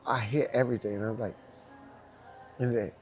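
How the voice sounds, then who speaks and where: A man who judges hip hop dance battles, telling a casual anecdote and acting out what others said in an animated way. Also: medium pitch, brisk, soft background music. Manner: animated, acts out quoted dialogue.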